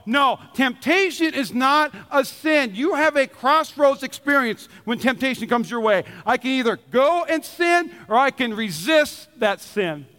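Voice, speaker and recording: High-voiced man preaching in a reverberant hall. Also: animated, normal speed, hardly any pauses, bright, forceful tone. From Minnesota. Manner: humorous storytelling, repeats key lines for emphasis. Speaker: pastor. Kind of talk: sermon. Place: church.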